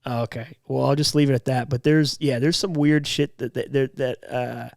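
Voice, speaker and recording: A man's voice: medium pitch, steady tone, normal speed, gravelly, no echo, studio quality. A young man co-hosting a podcast in loose, rambling casual chat full of fillers. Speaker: podcast co-host.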